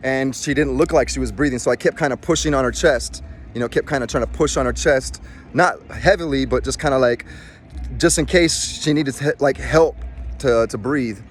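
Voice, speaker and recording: A middle-aged man recounts a personal story in a loose, rambling way, restarting sentences and acting out what people said. His voice sits at an ordinary pitch for a man. Faint street and traffic noise hums behind him outdoors. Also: normal speed. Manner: rambling, with many restarts and acted-out quotes. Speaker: former Marine recounting a rescue. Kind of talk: casual storytelling.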